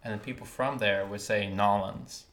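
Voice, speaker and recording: A man's voice: lowish voice, moderate pace, a bit bright. Southern man with a Wilmington accent. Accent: Wilmington North Carolina Southern. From Wilmington, North Carolina. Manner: rambling, searching for words with many ums. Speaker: podcast co-host. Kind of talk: casual podcast chat. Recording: echoey room.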